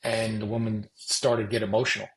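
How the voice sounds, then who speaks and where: A man's voice: on the low side, little pitch movement, a little hiss or hum, rough recording. Middle-aged man acting out coaching talks. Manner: acts out coach-client dialogues in quick back-and-forth. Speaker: fitness coach, podcast guest. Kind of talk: podcast interview.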